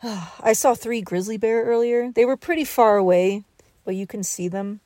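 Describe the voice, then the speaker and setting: A woman's voice: fairly high pitch, normal speed, dark tone, no room sound, studio quality. A woman hosting a podcast, musing aloud at an outdoor campsite at night and rambling with many fillers. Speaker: podcast host. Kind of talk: reflective outdoor monologue.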